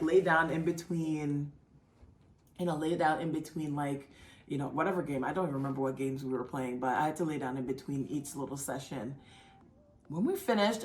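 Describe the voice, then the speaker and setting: Woman vlogger, casual animated storyteller, slightly low voice, faint music under. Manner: chatty, animated, acts out others' lines in a high excited voice. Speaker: vlogger telling her birth story. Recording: echoey room with faint music.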